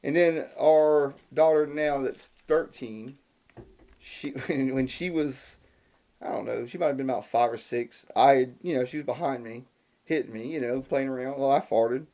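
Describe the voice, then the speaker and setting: A man's voice: medium pitch, normal speed. Rambling man telling stories. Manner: rambling, animated, laughs at his own stories. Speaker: podcast guest. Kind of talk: casual chat, storytelling.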